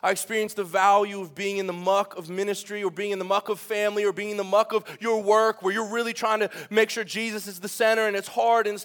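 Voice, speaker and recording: A young adult man preaching a sermon in a church, animated and joking, firing questions at the congregation. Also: sits high. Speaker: pastor. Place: church sanctuary.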